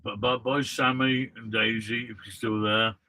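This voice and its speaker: A man's voice: on the low side, steady tone, moderate pace, bright, forceful tone. A man co-hosting a casual live stream from a motorhome, throwing in brief dry asides. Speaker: co-host. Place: inside a motorhome by the coast.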